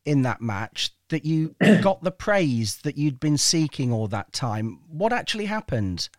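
A man interviewing a guest, asking measured, prepared questions. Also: on the high side, sing-song, no room sound, studio quality.

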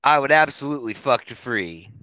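A man's voice: medium pitch, expressive, fairly quick, bright, forceful tone, no room sound, muffled recording. A man chatting on a podcast, telling rambling stories full of swearing and restarts. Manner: rambling, profane storytelling. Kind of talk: casual podcast chat.

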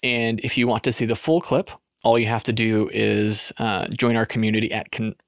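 A man's voice: lowish voice, steady tone, normal speed, gravelly, no echo, studio quality. A man co-hosting a casual podcast, joking and laughing often, recorded on a phone. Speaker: podcast co-host. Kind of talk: casual chat.

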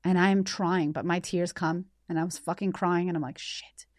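A woman in her thirties hosting a podcast, telling a personal story in a blunt, animated way with frequent swearing. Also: lowish voice, fairly quick, dry recording, clean studio sound. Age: 30s. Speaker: podcast host. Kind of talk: candid personal storytelling monologue.

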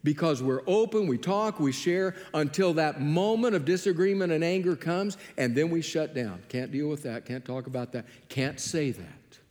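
A man preaching a sermon, telling Bible stories with lively acted-out dialogue. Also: on the high side, moderate pace, hardly any pauses, in a large hall. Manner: animated storytelling, acting out biblical dialogue. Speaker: pastor.

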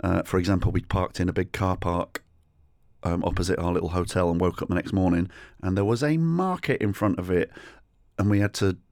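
Man, middle-aged, deep low voice, rambling sweary comic storytelling, solo podcast host, dry close sound. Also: brisk, creaky, a little mellow, dry recording. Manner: rambling, sweary, self-deprecating anecdotes.

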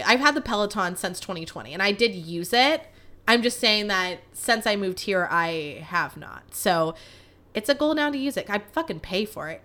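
A young woman hosting a podcast, telling a story in a casual, animated, self-mocking way with plenty of swearing. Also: medium pitch. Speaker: podcast host.

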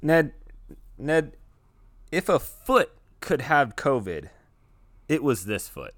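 A man co-hosting a podcast, telling long comic stories in a relaxed, laid-back way. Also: medium pitch, no echo, studio quality. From United States. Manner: laid-back storyteller, drawn-out comic anecdotes. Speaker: podcast co-host. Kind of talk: casual podcast chat.

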